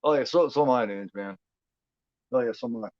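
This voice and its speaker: A man from Indiana with a Midwestern American accent hosts a movie watch-along stream, chatting casually, rambling and repeating himself. His mid-range voice moves quickly. The recording has no room sound and dull audio.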